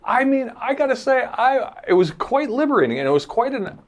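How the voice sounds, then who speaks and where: A man's voice: very high voice, sing-song, a little fast. A man co-hosting a podcast in casual chat, telling stories animatedly and acting out his own inner voice. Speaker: podcast co-host.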